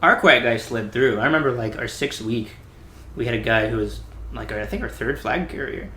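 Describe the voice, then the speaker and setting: A man telling lively stories in a casual chat, acting out quotes between laughs. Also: mid-range voice, fairly quick. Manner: animated, acts out quotes with laughter. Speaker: podcast guest. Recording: roomy with faint background hiss.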